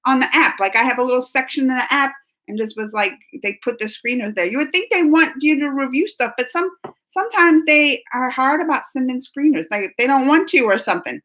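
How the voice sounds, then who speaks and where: A young woman with a high, bright voice rambles through a casual live-stream chat. She laughs often, restarts her sentences and wanders from point to point as she talks to viewers. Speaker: reaction channel host reading live chat.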